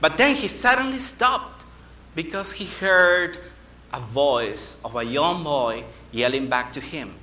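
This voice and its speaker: A man delivers a contest speech at a slow, measured pace, with dramatic pauses. His voice is bright and forceful, and it echoes through a roomy hall. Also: a little high, expressive, slight background noise. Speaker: contest speaker.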